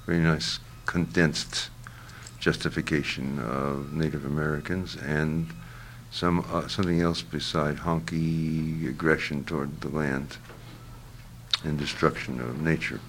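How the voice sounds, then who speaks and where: An older man with an extremely low, gravelly voice talks slowly through his thoughts, pausing often with fillers and restarting phrases. There is a faint noise under the recording. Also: flat delivery, fairly bright tone. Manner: halting, searching for words, many fillers and restarts. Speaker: interviewee. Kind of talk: reflective interview answer.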